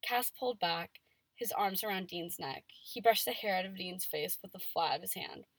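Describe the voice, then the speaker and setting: A woman's voice: medium pitch, moderate pace, no echo. A woman reading fan fiction aloud on a casual podcast, giving the dialogue playful emphasis and chatting between passages.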